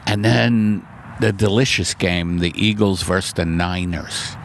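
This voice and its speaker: A man hosting a comedy podcast, rambling along in a deadpan way with loose tangents. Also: low voice, a little slow, gravelly, a little hiss or hum. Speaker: podcast host. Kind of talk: casual comedy chat.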